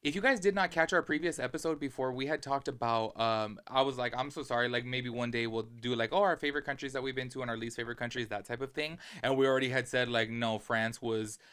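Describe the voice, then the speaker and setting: A young American man telling stories in a casual, slangy podcast chat, animated and quick to laugh. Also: medium pitch, smooth. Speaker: podcast co-host.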